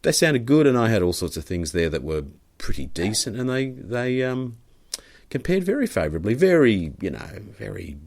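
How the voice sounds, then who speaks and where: A man's voice: fairly low pitch, very animated, normal speed, creaky, a little mellow. A middle-aged man with an Australian accent hosting a podcast, chatting casually in a rambling, hesitant way. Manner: rambling, hesitant, many fillers and restarts. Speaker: podcast host. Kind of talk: casual conversational interview.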